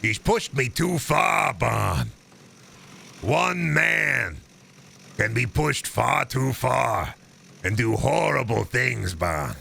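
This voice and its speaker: A gruff cartoon caveman, as a male streamer puts him on, talking slow and threatening with heavy pauses. The voice is gravelly and bright at the edge, sounding like a menacing mob boss from the stone age. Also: medium pitch, heavily acted. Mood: brooding.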